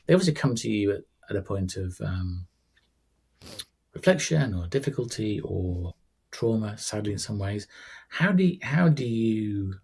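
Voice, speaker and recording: A man hosting a podcast interview, talking in a halting way with restarts and repeated words. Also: fairly low pitch, sing-song, darkish tone, breathy edge. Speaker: podcast host.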